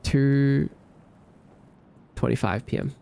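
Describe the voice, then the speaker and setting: A man's voice: mid-range voice, slow, creaky, clear, resonant tone. A man live-streaming while he codes a game, chatting casually with viewers, sleepy, rambling and thinking aloud. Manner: relaxed, rambling, thinks aloud, hums to himself.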